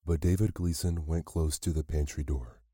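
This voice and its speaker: Man, bedtime story reading, very deep pitch, dark mellow tone, calm. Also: normal speed, slightly rough, no echo, clean studio sound.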